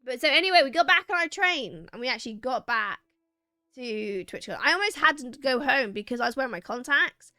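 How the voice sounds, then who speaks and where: A woman's voice: high voice, fairly quick, clear, resonant tone, no room sound, studio quality. A young woman streamer telling a rambling story to her chat, acting out what people said. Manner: animated, acts out quoted lines, rambling restarts.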